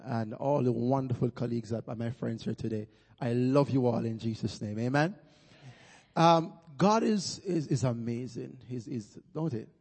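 A Jamaican man delivers a rousing sermon as a visiting pastor, his voice gravelly and a little husky. The sound carries a long reverb from the church hall around him. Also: medium pitch, darkish tone. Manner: rousing, calls for amens and praise. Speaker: guest pastor.

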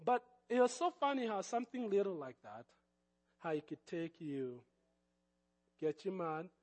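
A middle-aged man preaching, telling a personal story in an animated, expressive way. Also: high-pitched, normal speed. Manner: animated storytelling, lively swings of loudness. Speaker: pastor.

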